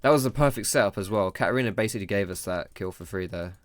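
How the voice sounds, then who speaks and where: A young male gaming streamer with a lowish voice talks fast as he commentates his own gameplay live, rambling and self-critical, using casual slang and swearing.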